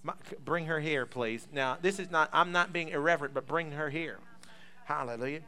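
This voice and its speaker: A man's voice: on the high side, fairly quick, bright, forceful tone, smooth. A male preacher, leading a sermon with call-and-response and bursts of praise. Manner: exuberant call-and-response, breaks into laughter and tongues.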